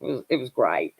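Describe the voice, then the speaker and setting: A woman's voice: sits low, no echo, poor audio. A woman in her forties chatting casually as she hosts a colouring stream, telling rambling, candid stories and laughing often. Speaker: colouring livestream host. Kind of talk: casual chat.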